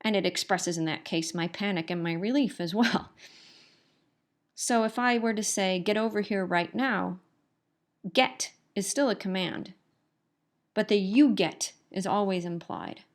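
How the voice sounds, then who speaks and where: A woman's voice: mid-range voice, unhurried, pauses often. A middle-aged woman teaching an English grammar lesson, explaining patiently and repeating key points. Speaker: English instructor. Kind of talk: recorded grammar lecture.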